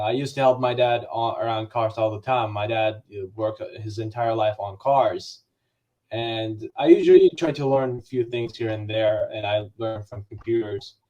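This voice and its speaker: A young man speaks as a youth guest on a panel, in a mellow, dark voice. He talks haltingly and stumbles over his words as he tells a family story. His pitch sits in the middle range. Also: highs cut off. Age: young adult. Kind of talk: casual storytelling.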